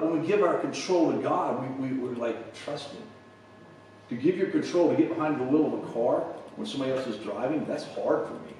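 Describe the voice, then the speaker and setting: Guy preaching a sermon, kinda high voice, big echoey hall, mic a ways off. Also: darkish tone, far from the mic, slight background noise. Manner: conversational, repeats words and restarts.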